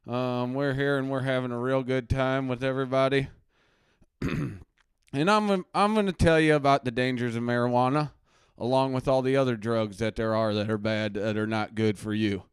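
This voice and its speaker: A man playing a preachy, self-righteous male anti-drug crusader doctor on a comedy live stream from his basement, ranting between low mutters and loud outbursts. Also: clear, resonant tone, no room sound, studio quality, natural voice. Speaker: host. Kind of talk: satirical live-stream rant. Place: home basement.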